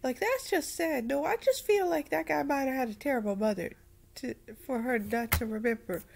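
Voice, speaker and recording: A woman giving a casual anime review, rambling and repeating herself in an animated way. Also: high voice, moderate pace, vocal fry.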